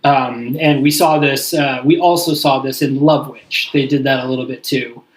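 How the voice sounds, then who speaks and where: A man's voice: medium pitch, fairly even intonation, rough recording. A man co-hosting a podcast, recapping a movie in rambling casual chat full of fillers. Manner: rambling, filler-heavy, acts out quick character lines. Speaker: podcast co-host.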